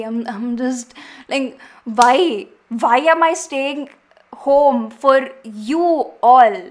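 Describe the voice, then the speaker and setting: A teenage girl hosting her own podcast, ranting heatedly with many restarts and trailing pauses. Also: on the high side. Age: teens. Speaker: podcast host. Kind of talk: solo podcast rant.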